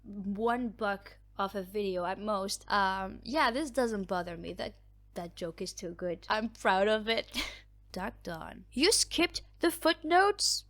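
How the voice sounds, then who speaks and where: A woman's voice: medium pitch, slow, fairly bright tone. A woman hosting a book channel, chatting casually as she reads out viewer comments. She laughs often, mocks herself, and her voice is cracking.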